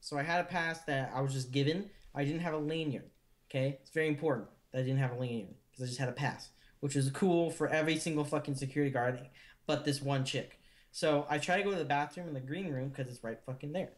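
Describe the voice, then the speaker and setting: A man co-hosting a podcast, telling stories in a casual, animated way with lots of swearing. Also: fairly high pitch. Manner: animated, profane, quick asides. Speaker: podcast co-host. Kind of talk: casual profane storytelling.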